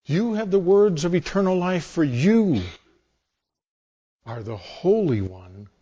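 An awed fisherman played by a preacher speaks in a low, reverent hush. He talks slowly, with each word weighed. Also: lively intonation, slightly rough, muffled recording, full character voice. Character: awed male fisherman disciple, humbled.

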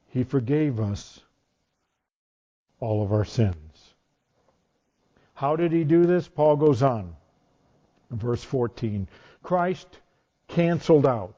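A man's voice: medium pitch, lively intonation, slow, pauses often, mellow. A male preacher giving a sermon in a conversational storytelling manner. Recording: dull lo-fi sound.

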